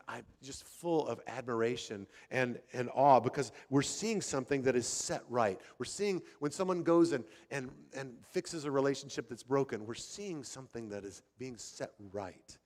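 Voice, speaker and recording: An older man preaching a sermon in a conversational, animated way, often restarting his sentences. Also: mid-range voice. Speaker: pastor. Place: church sanctuary. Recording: long hall reverb.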